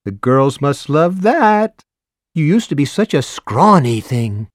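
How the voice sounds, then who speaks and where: Man putting on a nosy older neighbor lady, shrill and high, gushing, stretched-out words, dry close sound. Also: sing-song, no echo, full character voice. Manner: shrill, gushing, drawn-out exclamations. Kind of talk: audiobook character voice.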